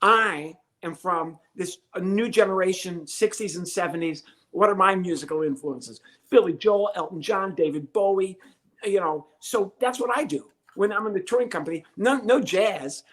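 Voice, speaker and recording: A man in his sixties, a comedian guest telling a lively story and acting out the voices of the people in it. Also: high voice, normal speed. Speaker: podcast guest, comedian and ventriloquist. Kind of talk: storytelling interview.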